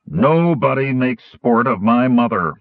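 A man voicing a gruff, self-pitying old male dwarf who sighs heavily. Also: medium pitch, animated, unhurried, dry recording, voice pushed up. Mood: indignant. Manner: gusty, sighing complaints. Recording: tinny phone-like audiobook recording.

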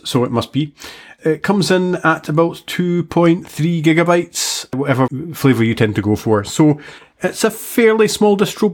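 Husky man, dry self-mocking podcast chat. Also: on the high side. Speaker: podcast co-host. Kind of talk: casual chat.

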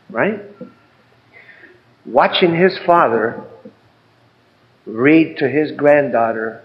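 A man's voice: mid-range voice, muffled recording. An older man giving a heartfelt, rambling personal testimony about his recovery, often adding "man" and "you know". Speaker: recovery speaker.

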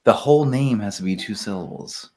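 A man answering in a casual word game, hesitant and slow to pick. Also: lowish voice, mellow.

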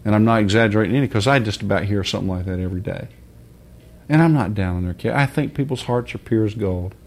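A man delivers an informal sermon in a blunt, folksy style, swearing mildly as he preaches fast. He drops low and soft, then rises to high, loud shouts.

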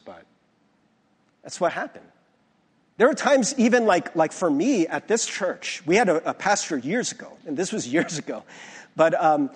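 A man's voice: a little high, breathy edge. A young adult man, a pastor, telling personal stories in a conversational sermon with many restarts. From United States. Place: church sanctuary. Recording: long hall reverb from a church.

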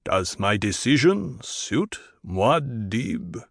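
A man voicing a stern male desert tribal leader in an audiobook reading, speaking in a formal, measured way. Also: mid-range voice, expressive, gravelly, dry recording, clean studio sound.

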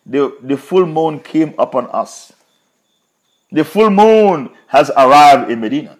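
A man's voice: fairly high pitch, animated, unhurried. Emphatic man telling a religious story. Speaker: Quran teacher.

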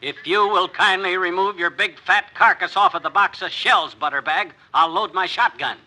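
A man's voice: high voice, pushed and bright, slight background noise. An actor playing a boastful, bumbling middle-aged man in 1940s radio acting, brash and full of tall tales. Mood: indignant. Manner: brash, tall-tale bragging, quick to bluster and trade insults.

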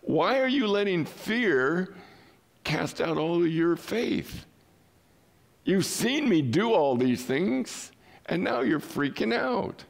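A man voicing a calm male teacher who slowly and reproachfully questions his fearful followers. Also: mid-range voice.

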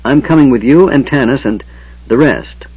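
Man voicing a stubborn young elf girl, petulant and pleading, husky low reader voice, lo-fi sound. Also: big pitch swings, brisk, darkish tone, no room sound, full character voice. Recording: dull lo-fi sound.

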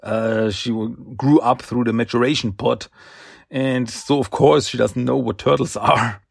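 Man with a gravelly, slightly husky voice, halting comic-recap delivery, dry close sound. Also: mid-range voice, steady tone, dry recording. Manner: halting, many fillers and restarts, chuckles often. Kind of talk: casual retelling of a comic issue.

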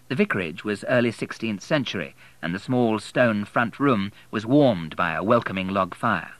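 A male narrator reading a novel aloud with a measured, expressive delivery. His pitch rises and falls widely, and the recording is dry and close. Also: no room sound, low-quality recording. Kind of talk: audiobook narration.

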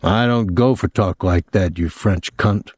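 A placid, quietly menacing middle-aged father in a storybook reading, talking as calmly as if discussing the weather, as a man reads him. His voice sits low and the sound is dry and close. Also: measured pace, slightly rough, no room sound. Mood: cold calm. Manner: placid, conversational, coldly calm.

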